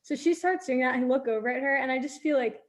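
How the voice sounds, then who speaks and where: Young woman, higher voice, chatty, says "like" a lot. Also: quick pace. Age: young adult. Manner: chatty, lots of "like" fillers. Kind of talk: casual chat.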